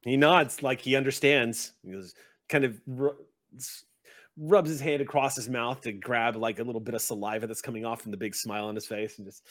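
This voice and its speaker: A man as game master, narrating scenes vividly in a relaxed way with crude humor. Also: mid-range voice, fairly quick.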